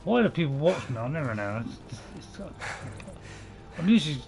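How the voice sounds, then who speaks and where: A man's voice: fairly high pitch, big pitch swings, normal speed, vocal fry. A man giving rambling, apologetic let's play commentary as a gaming channel host, chuckling to himself.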